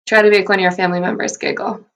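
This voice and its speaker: A woman's voice: medium pitch, level tone, fairly bright tone. Upbeat woman teaching young kids. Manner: upbeat, encouraging, speaks slowly and clearly to young kids; sounds out letters and syllables deliberately. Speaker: first grade teacher. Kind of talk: recorded video phonics lesson for children.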